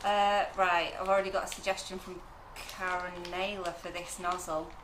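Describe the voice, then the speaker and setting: A woman's voice: lowish voice, flat delivery, normal speed. A woman co-hosting a live cake demonstration, reading out viewer comments with playful banter. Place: kitchen. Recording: echoey kitchen with background noise.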